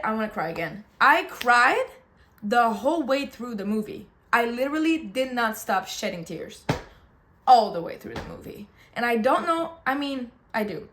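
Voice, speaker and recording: A woman's voice: a little high, fairly bright tone. Emotional, gushing young woman chatting. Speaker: booktuber. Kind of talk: casual chat. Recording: faint background noise.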